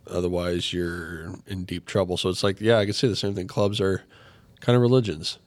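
Deep-voiced guy rambling easy on a podcast, voice kinda trails off. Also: flat delivery, a little fast, no room sound. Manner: laid-back, rambling, trails off softly. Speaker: podcast co-host, chaplain of a riding group. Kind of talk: casual chat.

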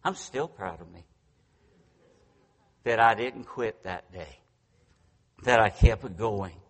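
A man's voice: on the low side, slow. A man in his sixties preaching a storytelling sermon, folksy and self-deprecating. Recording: long reverb from a large hall.

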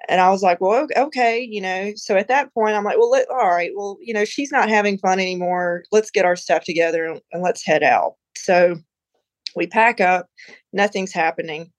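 A woman guesting on a podcast tells a personal story casually, chatty and rambling, peppered with "you know" and "like." Her mid-range voice moves at a moderate pace; the audio is poor, with no room sound.

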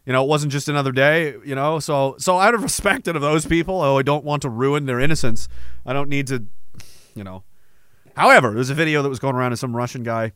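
Male livestream host from Canada; profane, rambling storyteller with a bright, dry voice. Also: medium pitch, fast talker, clean tone, no echo. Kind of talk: casual livestream chat.

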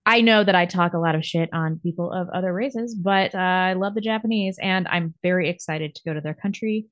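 A woman's voice: lowish voice, brisk, no echo. Woman co-host, crude jokey banter, dry close sound. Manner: blunt, crude, joking. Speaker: podcast co-host. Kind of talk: casual podcast chat.

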